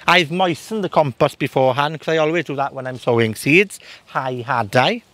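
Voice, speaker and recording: A man's voice: fairly high pitch, fairly bright tone, no echo. Welsh man teaching in a dry polytunnel. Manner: slow, repeating words for learners. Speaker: gardening and language teacher. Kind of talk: bilingual outdoor lesson. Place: garden polytunnel.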